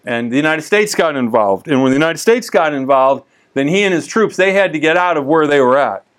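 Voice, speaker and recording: A man teaching the Bible in a casual, conversational way, telling stories with lively asides and frequent restarts. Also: on the high side, a little fast.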